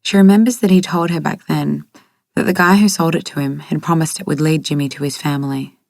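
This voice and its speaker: A woman narrates an audiobook at a steady, even pace. Her voice sits low, and the recording is dry and close. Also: brisk, gravelly, no room sound.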